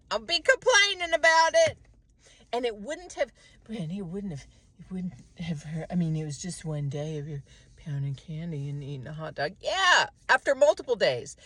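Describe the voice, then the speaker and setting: A middle-aged woman in a casual self-reflective monologue, animated and talking to herself. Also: medium pitch, dry recording. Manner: animated, talks to herself, mimics others' voices. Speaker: vlogger.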